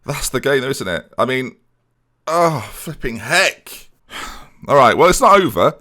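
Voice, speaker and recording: Man, game streamer, chatty to camera, very lively pitch, prone to exasperated outbursts. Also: normal speed. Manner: chatty, addresses viewers, swings into exasperated outbursts. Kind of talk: football management game commentary.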